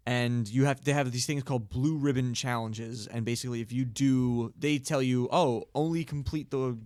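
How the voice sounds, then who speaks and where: A man rambles through a casual game chat on an internet radio show, full of ums and quick laughs. His voice sits at an ordinary middle pitch and is recorded close and dry, with no room sound. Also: fairly even intonation, a little mellow, no room sound. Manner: rambling, laughs often, many fillers. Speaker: co-host. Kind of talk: casual podcast chat about games.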